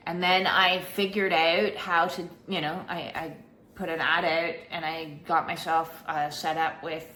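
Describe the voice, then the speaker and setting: Brief: middle-aged woman, halting vlog storyteller, full of fillers, faint room hum behind. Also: low voice, little pitch movement, bright, forceful tone, reverberant. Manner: halting, rambling, many fillers. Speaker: spiritual vlogger. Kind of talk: casual personal storytelling.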